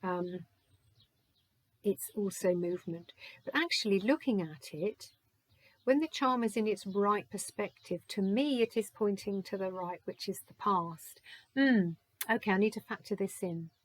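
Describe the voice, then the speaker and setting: A woman's voice: medium pitch, measured pace, dry recording. A woman doing a spiritual charm reading, gushing and thankful as she thinks aloud. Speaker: oracle reader.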